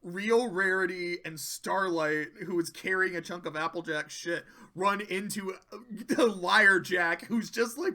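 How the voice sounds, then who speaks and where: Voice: mid-range voice, sing-song, unhurried, bright, forceful tone. A commentator casually recapping cartoon episodes, rambling, swearing freely and laughing often.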